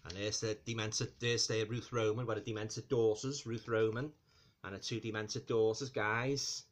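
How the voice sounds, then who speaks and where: A man's voice: fairly low pitch, little pitch movement, moderate pace. Rambling man reviewing a film. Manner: rambling, full of fillers, keeps calling the viewers guys; repeats himself and restarts phrases often. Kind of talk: casual movie review vlog.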